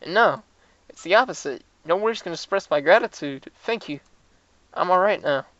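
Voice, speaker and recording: A woman's voice: fairly low pitch, lively intonation, moderate pace, no room sound. A woman reading a visual novel aloud for a let's-play, sometimes tripping over her lines and making fun of herself. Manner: self-mocking, stumbles over lines. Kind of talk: reading game dialogue aloud with commentary. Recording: dull lo-fi.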